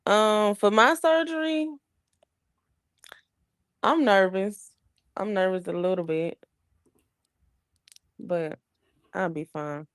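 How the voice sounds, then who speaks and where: A woman's voice: medium pitch, takes it slowly, long pauses, clear, resonant tone, dry recording. A young woman chatting casually on a livestream, greeting viewers and talking about her kids while burping a baby.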